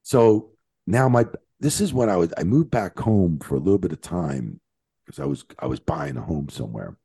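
A middle-aged retired referee, guesting on a podcast, rambles through a road story with lots of swearing. His very deep, gravelly voice is expressive and dark-toned, at a normal speed.

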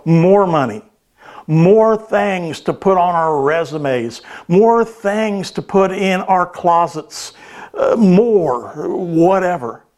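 A man's voice: high-pitched, a little mellow. A male pastor preaching a sermon, telling a story earnestly with hesitant restarts.

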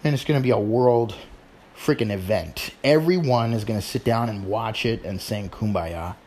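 A man's voice: fairly low pitch, normal speed, darkish tone, a little hiss or hum. A middle-aged man hosting his show in casual chat, rambling informally with sighs and restarts. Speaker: podcast host.

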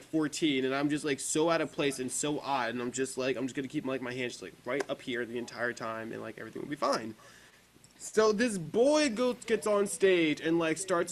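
A man's voice: a little high, animated, moderate pace, poor audio. Casual young man hosting a podcast. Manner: swearing, filler-heavy storytelling. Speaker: podcast host. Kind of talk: casual chat.

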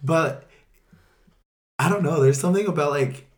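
A woman chatting casually as a podcast co-host, teasing her friend and telling a quick family story. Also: sits low. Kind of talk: casual chat.

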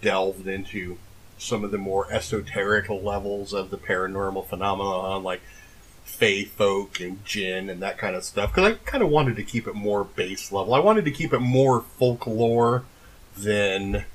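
A man's voice: lowish voice, measured pace, slightly rough, rough recording. A man co-hosting a casual podcast, telling folklore stories between laughing, tipsy banter at home. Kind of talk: casual storytelling chat.

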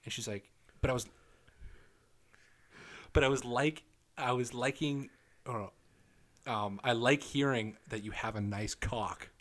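A man's voice: a little slow, long pauses. A young man, co-hosting a casual podcast, telling crude stories with lots of swearing. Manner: animated storytelling, swears a lot, quotes texts in a lowered voice. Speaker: podcast co-host. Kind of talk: casual chat.

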